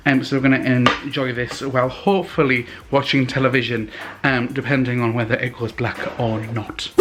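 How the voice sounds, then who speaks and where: A young British vlogger chats casually to camera indoors at home, rambling with plenty of ums. His medium-pitched voice keeps fairly even intonation at a normal speed, in an echoey room with some background noise.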